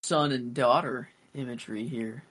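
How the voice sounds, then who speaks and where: A man's voice: mid-range voice, steady tone, moderate pace, a bit bright. Rambling young man on a podcast. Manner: rambling, hesitant, many fillers. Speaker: podcast co-host. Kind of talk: casual fan podcast chat.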